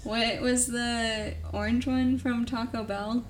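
A woman's voice: on the high side, fairly even intonation, takes it slowly, a little hiss or hum. A young woman co-hosting a podcast, chatty and playful, giggling through casual conversation. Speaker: podcast co-host. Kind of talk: casual chat.

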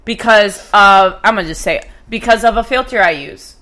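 Young woman, bright tone, blunt, sweary, casual podcast chat. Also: mid-range voice, fairly quick. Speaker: podcast co-host.

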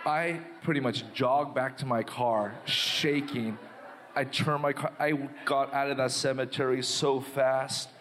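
A man's voice: medium pitch, measured pace, background noise. A man telling a story and praying aloud. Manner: animated, quotes his inner dialogue. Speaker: guest minister. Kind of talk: storytelling testimony and prayer. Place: live podcast before an audience.

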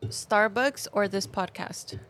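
A woman's voice: mid-range voice, takes it slowly, a bit bright. A young woman co-hosting a casual podcast chat, laughing often and swearing freely. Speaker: podcast co-host.

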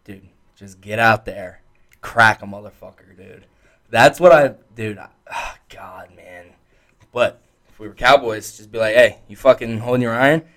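A man's voice: fairly low pitch, a little slow, fairly bright tone. A young man co-hosting a podcast in casual chat, laid-back and profane, dropping "dude" and "like" often. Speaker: podcast co-host.

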